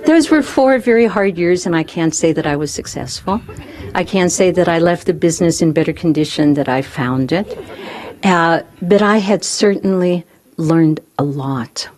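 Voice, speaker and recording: A woman with a slightly low voice shares stories from her own life at a spiritual gathering. She speaks in a lively storytelling manner, acting out old conversations and laughing often. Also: normal speed. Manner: lively, acts out remembered dialogue, laughs often. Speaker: spiritual community teacher giving a talk. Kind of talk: personal storytelling talk.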